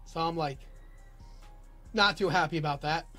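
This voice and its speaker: A young man livestreaming, telling a story in animated chat and acting out both sides with bursts of disbelief. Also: fairly high pitch, moderate pace, soft background music. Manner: acts out both sides of a story, rising to near-shouts in disbelief.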